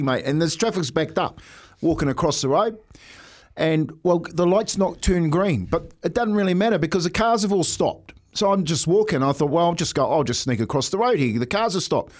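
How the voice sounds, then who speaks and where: A man with a New Zealand accent co-hosting breakfast radio, telling a story with animated, laughing delivery. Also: on the high side. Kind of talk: casual radio banter, storytelling.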